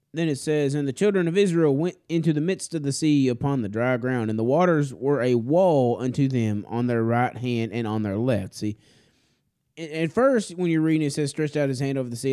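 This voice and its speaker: A man's voice: mid-range voice, dark tone. A man reading scripture aloud and explaining it in a casual, folksy way, often correcting himself. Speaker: Sunday school teacher.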